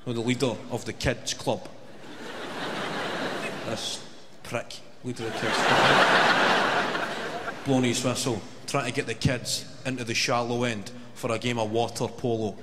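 A man's voice: medium pitch, flat delivery, moderate pace, big-room sound, heavy background noise. A man doing a crude stand-up comedy routine, laughing between lines.

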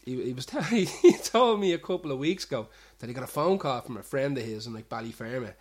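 A man's voice: medium pitch, lively intonation, fast talker, husky. A young man hosting a show, rambling casually with lots of restarts and swearing. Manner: chatty, frequent restarts and swearing. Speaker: show host.

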